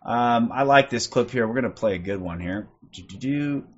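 A man in his forties hosts a livestream, ranting profanely and aggressively and tacking "okay?" onto nearly every sentence. His voice sits at medium pitch at normal speed, and the recording has its highs cut off.

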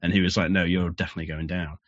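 Halting man, low dry voice. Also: little pitch movement, no room sound. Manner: halting, restarts often. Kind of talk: casual stream chat. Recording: dry, muffled stream audio.

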